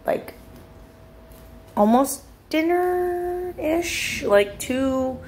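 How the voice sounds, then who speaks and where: A woman's voice: high voice, expressive, very slow, a little mellow, a little hiss or hum. A young woman chatting and giggling in her home kitchen while she bakes for a vlog. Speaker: vlogger. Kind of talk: casual chat while baking.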